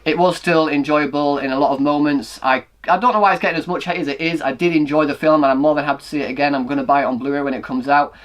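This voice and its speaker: Young man, casual movie review, quick pace, hedging and self-correcting. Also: on the high side, steady tone. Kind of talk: casual film review chat.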